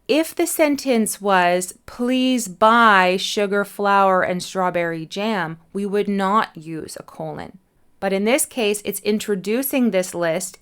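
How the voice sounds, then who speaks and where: Woman patiently explaining English punctuation. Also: mid-range voice. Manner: clear, patient explanation, spells letters out slowly. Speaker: English teacher. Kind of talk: teaching a punctuation lesson.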